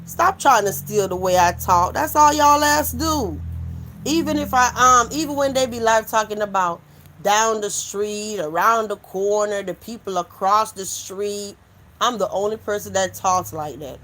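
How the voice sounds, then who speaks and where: A woman's voice: mid-range voice, unhurried, soft background music. A woman hosting a casual livestream, talking bluntly and with lots of swearing. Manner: blunt, animated, profane. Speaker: livestream host.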